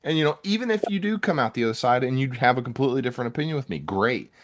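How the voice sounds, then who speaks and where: A man's voice: medium pitch, expressive, racing. A man hosting a podcast, talking in a casual, rambling way with many restarts. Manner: rambling, frequent restarts and fillers. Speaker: podcast host.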